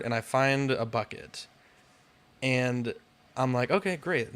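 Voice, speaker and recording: A man's voice: mid-range voice, a bit bright. Young man, podcast co-host, casual storytelling, frustrated and profane. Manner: exasperated, swears a lot, rants with rising outbursts.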